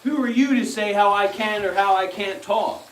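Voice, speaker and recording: A man hosting a meditation livestream, ranting in a profane, scornful way, with drawn-out pauses. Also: high-pitched. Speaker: meditation channel host. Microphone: livestream setup. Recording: echoey room.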